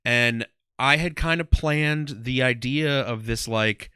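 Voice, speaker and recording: A man's voice: mid-range voice, slow, bright, forceful tone, clear, resonant tone, dry recording, clean studio sound. A man in his thirties, a comedian, talking casually in an interview, rambling with lots of "um" and "like". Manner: rambling, heavy on "um" and "like". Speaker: guest, comedian and former ring announcer.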